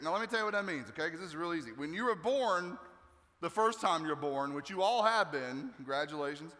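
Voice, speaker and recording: A male pastor preaching a sermon in a relaxed, joking way, acting out the people in the story. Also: on the high side, brisk. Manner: conversational and joking, acting out quotes. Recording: long hall reverb.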